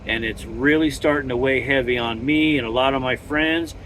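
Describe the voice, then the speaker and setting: A man's voice: mid-range voice, normal speed, fairly bright tone, slight background noise. A man who drives a truck talks casually from his cab, rambling with many restarts and chuckles. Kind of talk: casual monologue while driving.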